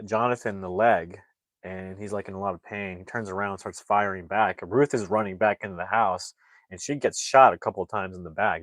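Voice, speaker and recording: A man's voice: lowish voice, dry recording. A man casually recapping a film's plot as a reviewer, rambling with many fillers and self-corrections. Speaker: movie reviewer.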